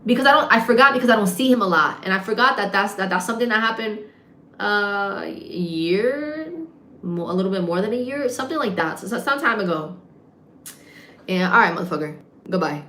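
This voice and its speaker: A woman's voice: medium pitch, moderate pace. Woman streamer ranting thru a story, swears a lot, does the voices, roomy echo. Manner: animated, swearing storyteller who acts out voices. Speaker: livestreamer and gym content creator. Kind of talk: casual livestream story time. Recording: echoey room.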